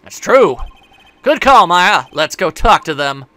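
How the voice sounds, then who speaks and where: A man's voice: sits high, very animated, slow, pushed and bright, dry recording, full character voice. A man voicing a flustered young male lawyer who stammers nervously.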